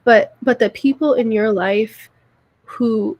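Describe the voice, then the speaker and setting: A woman's voice: on the high side, a little slow, gravelly, no room sound. Brief: young woman co-host, earnest, rambly, dry close recording. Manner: earnest, repeats words, rambling restarts. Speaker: podcast co-host. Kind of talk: heartfelt casual chat.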